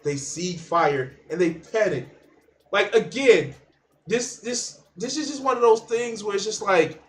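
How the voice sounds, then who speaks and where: A man's voice: high-pitched, big pitch swings, a little slow. A man hosting a livestream, giving blunt, profane reaction commentary with frequent restarts. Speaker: livestream host reacting to videos.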